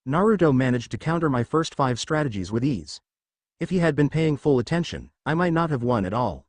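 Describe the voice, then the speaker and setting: A calm, dry-voiced teenage genius who sounds bored by everything, as a male narrator puts him on. His speech is unhurried but rises and falls a lot. The sound is close and dry. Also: medium pitch, no room sound, lightly acted. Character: lazy, sharp-minded teenage boy strategist.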